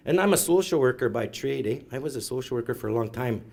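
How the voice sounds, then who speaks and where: Man, middle-aged, stand-up storytelling, rambling, self-mocking, fairly high voice. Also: animated, quick pace, few pauses, darkish tone. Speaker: comedian. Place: live event room.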